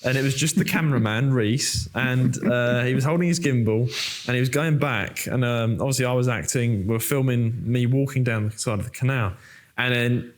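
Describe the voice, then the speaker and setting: Chatty young storyteller. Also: male voice, mid-range voice, moderate pace. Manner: animated storyteller, many fillers. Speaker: actor and host. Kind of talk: casual interview chat.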